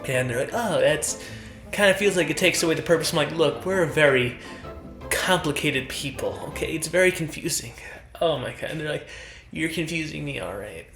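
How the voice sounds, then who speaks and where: Brief: animated stand-up comic, mid pitch, echoey event hall. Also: a little fast, music in the background. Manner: animated, acts out relatives in raised voices. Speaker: stand-up comedian. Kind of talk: comedy rant on stage. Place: college event stage.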